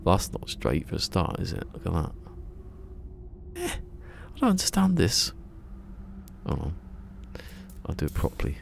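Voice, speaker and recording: A man chatting loosely through a live gaming stream, muttering to himself and poking fun at his own mistakes. His voice is deep, with a gravelly fry. A faint hum sits behind him in his home setup. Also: wildly swooping pitch, unhurried, long pauses. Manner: rambling, self-mocking, giggly. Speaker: game streamer. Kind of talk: casual live-stream chat while building.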